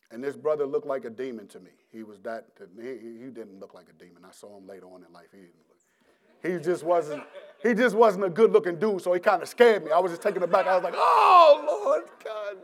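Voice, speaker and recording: Middle-aged male preacher telling his testimony. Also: on the high side. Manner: animated storyteller who acts out his past self, often laughing; halting, with frequent restarts and repeated words. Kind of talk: personal testimony sermon.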